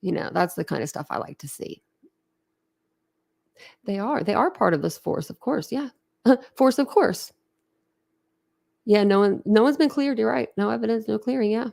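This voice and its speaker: Gravelly-voiced woman chatting on a livestream. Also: medium pitch, lively intonation, a little fast, a little mellow. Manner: chatty and emotional, laughs often, trails off and restarts. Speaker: host of a true crime channel. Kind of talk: casual livestream chat, reacting to viewer comments.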